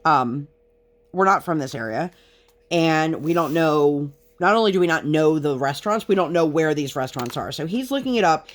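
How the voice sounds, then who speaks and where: A woman's voice: low voice, expressive, moderate pace. Exasperated chatty woman telling a story. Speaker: vlogger. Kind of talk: casual storytelling while crafting.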